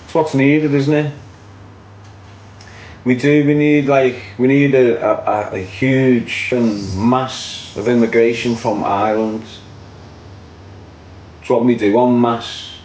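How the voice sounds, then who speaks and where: A man's voice: mid-range voice, fairly even intonation, slow pace, long pauses, a little mellow, lo-fi sound, slight background noise. A young man with a Liverpool accent, ranting opinions on his online show in a casual, repetitive way, ending lines with "mate". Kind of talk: casual livestream rant.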